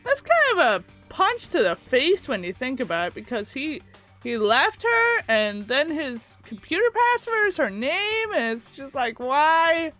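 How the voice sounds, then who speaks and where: A young woman hosting a let's-play, reacting in an excitable, gasping, squealing way. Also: sits high, a little slow, soft background music. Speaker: gaming channel host.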